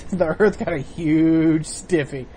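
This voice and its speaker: A man's voice: on the high side, takes it slowly, dark tone, slight background noise. A man hosting a let's play, chatting casually, laughing often and explaining game mechanics. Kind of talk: casual gameplay commentary.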